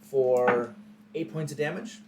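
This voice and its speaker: A man's voice: mid-range voice, takes it slowly, very noisy. A man playing a tabletop game, brash and joking, trash-talking the enemies. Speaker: player.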